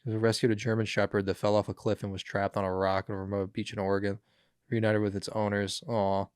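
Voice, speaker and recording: A man's voice: fairly low pitch, little pitch movement, quick pace, darkish tone, clear, resonant tone, no room sound, studio quality. A young man hosting a podcast, chatting casually about news clips, rambling and swearing with many fillers. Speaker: podcast host.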